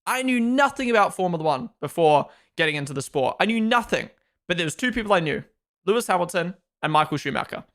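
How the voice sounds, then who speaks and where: A man's voice: high-pitched, expressive, quick pace, fairly bright tone. A man in his twenties with a New Zealand accent, hosting a live stream in casual chat, reading viewer comments aloud and answering them. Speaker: livestream host.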